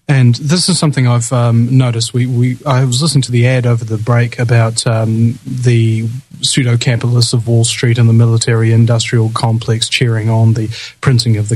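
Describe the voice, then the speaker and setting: A man with a New Zealand accent hosts a live talk radio show. He speaks at an ordinary pitch and rambles, stopping and restarting with plenty of fillers. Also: darkish tone, rough recording. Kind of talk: casual talk radio interview.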